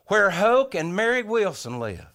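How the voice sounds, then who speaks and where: A man telling a humorous tall tale in a folksy, animated way, acting out his own thoughts aloud. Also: high-pitched, unhurried. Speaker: storyteller.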